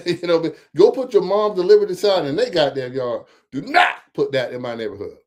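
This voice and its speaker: Animated profane man riffing to viewers. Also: fairly high pitch, fairly quick. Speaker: host of a local commentary stream. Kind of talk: casual political commentary.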